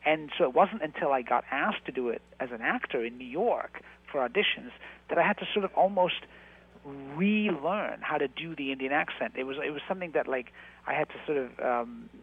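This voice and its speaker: A man, an actor, reflecting in an interview, halting with many fillers and restarts. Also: fairly high pitch, slightly rough. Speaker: actor and guest. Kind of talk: interview conversation. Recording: tinny phone-like line.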